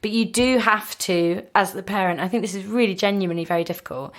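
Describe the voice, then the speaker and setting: A woman in her thirties, a comedian guest, chatting in a lively, playful way in a home kitchen. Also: mid-range voice, fast. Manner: lively, playful, slips into silly voices. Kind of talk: casual conversation.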